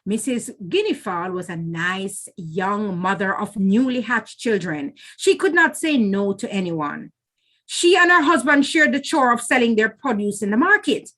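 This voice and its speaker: A woman reading a children's folk tale with a high voice and lively, swinging pitch. She takes her time and lets each line land expressively. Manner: expressive, slow and animated. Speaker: storyteller.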